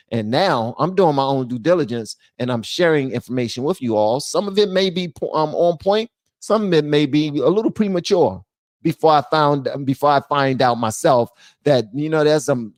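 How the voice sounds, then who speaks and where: A man's voice: medium pitch, no echo, clean studio sound. Blunt man talking straight to camera. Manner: animated, blunt, talks straight to viewers. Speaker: channel host. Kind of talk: casual political commentary.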